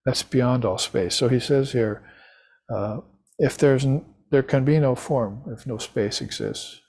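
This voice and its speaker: Husky-voiced man teaching spirituality. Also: mid-range voice, big pitch swings, a little mellow. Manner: unhurried, reflective, chants mantras. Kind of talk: recorded lecture on scripture.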